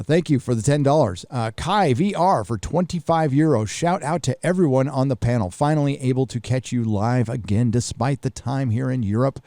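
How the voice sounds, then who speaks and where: A man with a gravelly, warm, mid-range voice hosts a livestream with no echo. In a casual live chat, he reads viewer messages aloud and riffs on them offhandedly, swearing freely.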